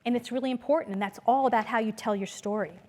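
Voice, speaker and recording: Woman lecturer, fairly high voice, lively storyteller, talk to a live audience. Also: quick pace. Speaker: business school lecturer. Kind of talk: conference talk. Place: lecture hall.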